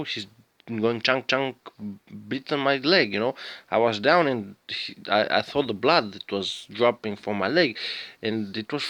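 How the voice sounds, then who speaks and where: A man's voice: mid-range voice, fairly bright tone, no echo. Rambling, profane man. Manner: profane, halting, searches for words. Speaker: storyteller. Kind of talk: rambling casual storytelling monologue.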